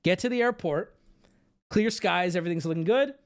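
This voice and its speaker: A man hosting a livestream, telling a rambling, profane travel story in clipped, animated fragments. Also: high voice, normal speed. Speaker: streamer host.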